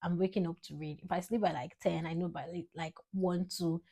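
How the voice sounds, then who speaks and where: A young woman from Nigeria with a Nigerian English accent, speaking a rambling, heartfelt tribute to her father with sudden bursts of excitement. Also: on the low side, moderate pace. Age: young adult. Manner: emotional, rambling, animated spikes of excitement. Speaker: vlogger.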